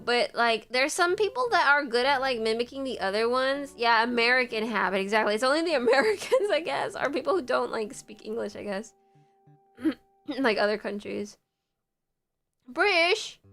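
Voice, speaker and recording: A woman's voice: fairly high pitch, expressive, a little fast, a bit bright, faint music behind. A young woman hosting a livestream, chatting with viewers in a rambling, giggly way full of "like". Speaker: livestream host. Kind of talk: casual chat with viewers.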